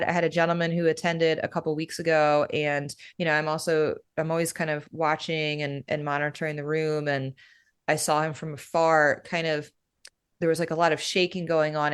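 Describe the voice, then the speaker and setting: In a low-pitched, clean-toned voice at normal speed, a woman explains what she does as a breathwork facilitator. She keeps it easygoing, leaning often on "you know" and "right?"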